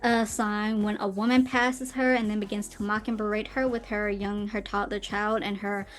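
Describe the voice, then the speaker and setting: A woman hosting a podcast, casually recapping a film plot in a chatty way with quick asides. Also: mid-range voice, level tone. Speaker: podcast host. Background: faint intro music.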